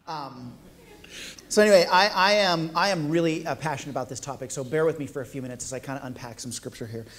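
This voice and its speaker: A man's voice: fairly high pitch, fast, fairly bright tone. Playful, jokey male preacher. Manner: playful, jokey, talks to the congregation. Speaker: pastor. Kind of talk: sermon.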